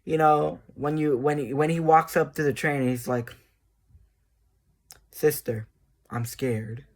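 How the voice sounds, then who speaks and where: A man with a voice on the high side talks at a normal speed in a steady tone. Making a video, he chats casually and rambles about a video game, laughing often and poking fun at himself.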